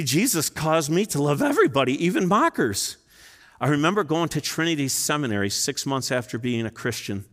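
A man's voice: a little high, a bit bright. A man in his fifties preaching a sermon in a church, telling personal stories in an earnest, emotional way. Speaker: pastor. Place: church sanctuary. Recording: long reverb in a large hall.

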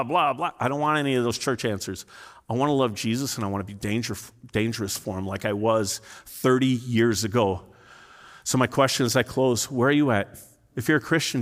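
A man's voice: medium pitch, fairly quick, fairly bright tone. A man in his fifties preaching a sermon in a church, telling personal stories in an earnest, emotional way. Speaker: pastor. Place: church sanctuary. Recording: long reverb in a large hall.

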